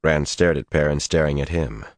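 A male audiobook narrator with a very deep voice delivers scripted narration at normal speed. The recording is dry, with clean studio sound.

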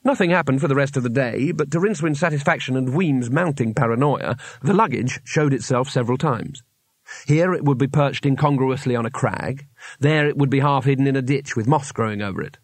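A man reading an audiobook aloud in a measured storytelling manner with wry timing. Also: medium pitch, dry recording. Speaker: audiobook narrator. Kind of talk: scripted narration.

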